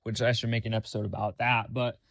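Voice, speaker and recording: A man's voice: level tone, fast talker, creaky, fairly bright tone, dry recording, clean studio sound. A young man hosting his own podcast, rambling candidly in a casual journal-style monologue with lots of fillers and swearing. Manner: mimics others in a high mocking voice. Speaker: podcast host.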